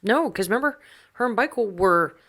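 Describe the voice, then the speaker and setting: A woman's voice: medium pitch, expressive, a little fast, a bit bright. A woman co-hosting a podcast in casual chat, adding blunt, wry remarks. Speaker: podcast co-host.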